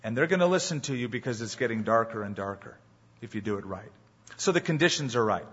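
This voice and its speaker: Husky-voiced man preaching a sermon. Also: medium pitch, expressive, fast, fairly bright tone. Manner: emphatic, rhetorical questions to the congregation. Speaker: pastor. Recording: dull, muffled live sermon recording.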